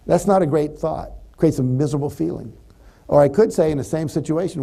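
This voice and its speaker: Guy lecturing a seminar crowd, slightly high voice, warm mellow tone, chatty, acts out little quotes. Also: a little fast, vocal fry. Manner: conversational, acts out example thoughts in quotes. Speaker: motivational speaker. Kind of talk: seminar lecture to a live audience. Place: lives in California.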